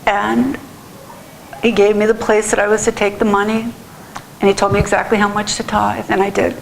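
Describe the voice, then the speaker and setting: A woman's voice: mid-range voice, flat delivery, moderate pace, vocal fry, a little hiss or hum, rough recording. A woman pastor giving a heartfelt, earnest sermon in a church, often restarting her sentences.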